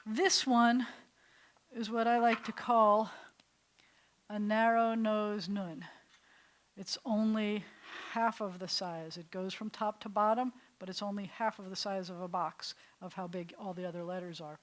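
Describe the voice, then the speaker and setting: A woman with a medium-pitched, steady voice speaks a little slowly as she teaches a small seated class in a classroom. She's a rabbi, and she works through the lesson in a chatty, step-by-step way, often asking her students questions.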